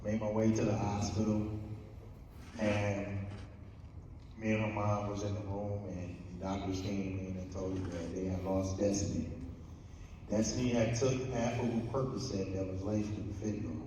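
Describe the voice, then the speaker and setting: A middle-aged man speaking haltingly and plainly to students at a school assembly. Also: lowish voice, little pitch movement, dark tone, a little hiss or hum. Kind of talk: spoken talk to students. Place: large school hall. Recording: echoey hall recorded from far off.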